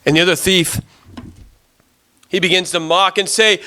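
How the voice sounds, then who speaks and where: Man, pastor, sermon, dramatic storytelling, animated, bright forceful voice, fairly high. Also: moderate pace, pauses often.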